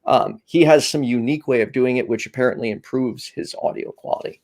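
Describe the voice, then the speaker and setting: A man who produces a call-in stream, chatting in a measured and deliberate way. His voice sits in the middle range, and he talks over a laptop stream. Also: medium pitch, a little mellow. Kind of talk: casual chat.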